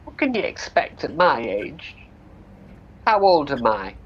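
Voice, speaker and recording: A man's voice: on the high side, very animated, measured pace, pitched above the performer's own voice. A man voicing a quarrelsome, jealous mother in her seventies, reproachful and petulant in a staged reading. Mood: bitter. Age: 70s. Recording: dull lo-fi street recording, faint noise.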